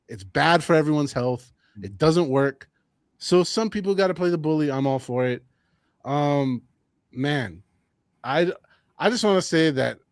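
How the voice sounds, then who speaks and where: A man co-hosting a combat sports podcast, talking in a casual, animated and opinionated way, often repeating his phrases. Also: a little high, no echo, studio quality. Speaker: podcast co-host.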